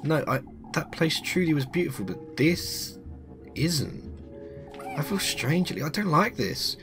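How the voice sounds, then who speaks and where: A man's voice: on the high side, animated, measured pace, over music, voice pushed up. A man voicing a frightened young village woman in a game, anxious and pleading.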